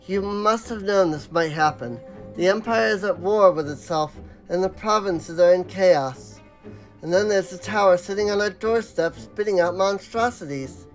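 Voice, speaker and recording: A man's voice: high voice, close to an everyday voice, rough recording. Casting: a harried male merchant from a fantasy game, tired and defensive, read by a man. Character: weary male merchant guild leader.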